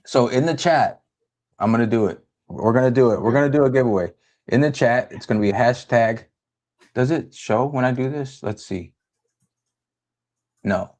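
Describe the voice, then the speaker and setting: A man hosting a loose, casual livestream. He rambles and jokes while juggling several things at once. His voice sits at an ordinary middle pitch. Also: moderate pace, long pauses, darkish tone. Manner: rambling, multitasking, joking. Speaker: livestream host.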